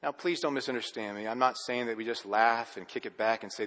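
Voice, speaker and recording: A man preaching a sermon as pastor, telling stories with animation and then dropping to a soft, earnest hush. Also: mid-range voice, brisk, in a large hall.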